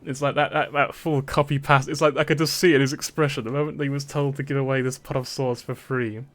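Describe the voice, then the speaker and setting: A young man from Britain chats on a stream at a middle pitch. He rambles along, stumbling over repeated words and breaking into laughter. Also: little pitch movement, quick pace, fairly bright tone. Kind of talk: casual chat.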